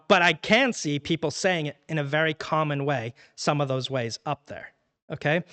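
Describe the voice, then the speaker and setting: In a church room, a man with a slightly high, somewhat bright voice leads a Bible study. His style is conversational, and he puts lots of questions to the class.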